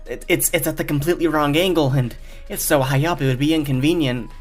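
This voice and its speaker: A man's voice: a little high, fast, lightly acted. A man voicing a timid young male detective who stammers and pleads, with faint music behind. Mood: nervous.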